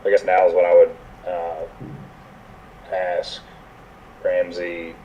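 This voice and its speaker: A man's voice: low-pitched, completely flat delivery, extremely slow, highs cut off, slight background noise. A man playing a tabletop game, easygoing and upbeat. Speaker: player.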